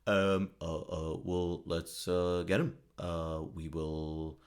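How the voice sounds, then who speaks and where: A man putting on the voice of a male world leader, speaking slowly and haltingly. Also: low voice, little pitch movement, voice pushed down. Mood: measured. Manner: halting, drawn-out delivery.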